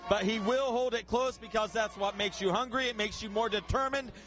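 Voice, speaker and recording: A man commentating a wrestling match in a high-pitched voice. He talks excitably and rises to shouts when the action turns. Music plays underneath the commentary. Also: brisk. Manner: excitable, rising to shouts at big moves.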